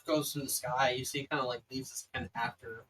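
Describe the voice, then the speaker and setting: A man's voice: mid-range voice, fairly even intonation, fast, bright, forceful tone, far from the mic, a little hiss or hum, rough recording. A man running a tabletop game as dungeon master, narrating loosely with many fillers.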